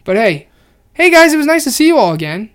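A man's voice: very high voice, sing-song, a little fast, fairly bright tone. A man co-hosting a casual podcast, talking in a crude, rambling, joking way. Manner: profane, rambling, jokey. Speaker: podcast co-host.

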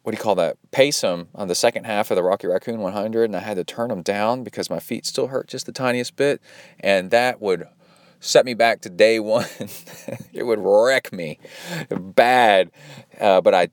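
Here a man speaks in a low voice, recorded in a clean studio with no audible room. He's a triathlon coach and podcast host reading listener donations in relaxed conversation. Upbeat and meandering, he leans on lots of fillers and does impressions of watch beeps.

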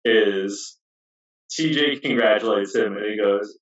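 Casting: man, lower voice, relaxed chatty co-host, recorded far from the mic in a very echoey room, dull lo-fi sound. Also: measured pace. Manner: relaxed, filler-heavy, chuckles at his own quotes. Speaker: podcast co-host. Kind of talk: casual chat recapping a reality show. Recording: distant roomy dull sound.

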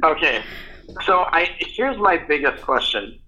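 A man's voice: fairly high pitch, big pitch swings, measured pace, bright, forceful tone, muffled recording, a little hiss or hum. A man in his thirties co-hosting a podcast, talking casually with lots of fillers and asides. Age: 30s. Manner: rambling, filler-heavy questions. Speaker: podcast co-host. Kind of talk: casual chat.

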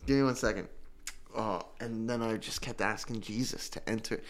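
A man giving an emotional personal testimony about recovery, earnest and halting, with many restarts. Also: fairly low pitch. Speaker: guest telling his recovery story.

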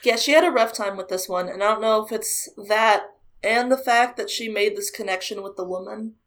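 Animated woman retelling a story. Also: medium pitch, brisk. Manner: animated retelling with acted quotes. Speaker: podcast co-host retelling a ghost show. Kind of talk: casual storytelling chat.

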